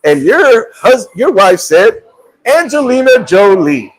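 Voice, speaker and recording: A man's voice: high-pitched, slow pace, poor audio. A man hosting a live stream from a restaurant, telling a story and acting out the voices of the people in it. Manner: animated storyteller, acts out quotes, laughs often. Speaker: show host.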